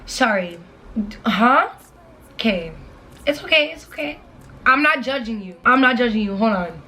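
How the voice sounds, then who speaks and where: A woman's voice: on the high side, lively intonation, normal speed, bright, forceful tone. A young woman giving blunt, emphatic relationship advice in a casual vlog, repeating her points and swearing freely. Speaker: advice vlogger.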